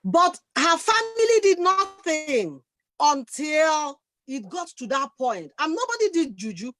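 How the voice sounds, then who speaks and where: Woman, panel discussion, emphatic, very animated pitch, dry close sound. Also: unhurried, dry recording. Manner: emphatic, forceful, speaks from personal experience.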